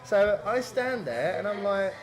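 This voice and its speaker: A man's voice: high-pitched, expressive, a little slow, over music. A young British man, a podcast co-host, telling a crude story in casual chat, swearing a lot and acting out the voices. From Britain. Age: young adult.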